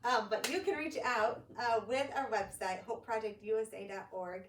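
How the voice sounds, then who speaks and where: Her voice sits on the high side at a moderate pace as this woman guest, a ministry director, spins a story in relaxed talk, animatedly imitating what others said. It was captured in an echoey church studio or room on a distant mic with faint hiss.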